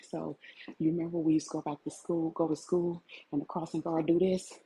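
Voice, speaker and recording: A woman's voice: sits low, little pitch movement, fairly quick, dark tone, slightly rough, low-quality recording. A woman, giving an impassioned, tearful talk to her livestream viewers. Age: 40s. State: crying. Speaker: vlogger.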